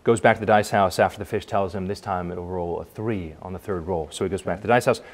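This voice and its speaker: A man, a magician, telling a story while doing a trick, in a halting way with frequent restarts. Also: deep voice, a little hiss or hum.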